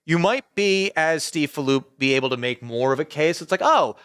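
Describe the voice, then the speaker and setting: A man co-hosting a casual political podcast, rambling and animated as he acts out what politicians say. His voice sits a bit high for a man. The recording is dry and close, with little room sound. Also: brisk, smooth, no room sound. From New Jersey. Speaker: podcast co-host.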